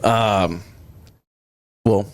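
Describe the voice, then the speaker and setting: A man's voice: fairly low pitch, steady tone, very slow. A young man hosting a casual podcast, joking and swearing, calling everyone bro. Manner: laid-back, joking, swearing, says bro a lot. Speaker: podcast host. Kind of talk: casual chat. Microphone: podcast mic.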